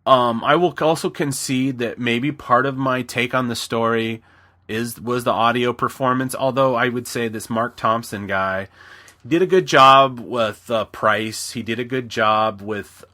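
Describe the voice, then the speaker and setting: A man's voice: mid-range voice, a little slow, sharp tone. A man co-hosting a podcast, talking casually and rambling with restarts, sometimes slipping into voices. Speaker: podcast co-host. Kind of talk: casual chat.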